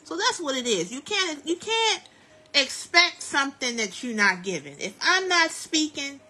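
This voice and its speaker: A woman hosting a live stream from home while doing hair, giving chatty, preachy life advice in a lively, down-to-earth way. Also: sits high, unhurried. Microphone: phone live stream.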